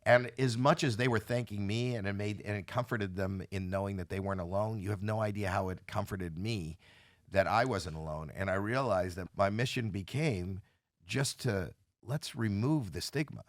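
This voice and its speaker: A man's voice: lowish voice, moderate pace, no echo, clean studio sound. A man in his sixties, a podcast guest, candidly retelling a painful experience, acting out the voices of the people in it. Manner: emotional, dramatic retelling with quoted voices. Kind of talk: candid storytelling.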